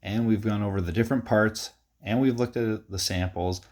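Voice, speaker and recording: Male teacher, lowish voice, easygoing recorded lesson for young students, reads aloud with big expression. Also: moderate pace. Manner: relaxed, chatty, with frequent fillers.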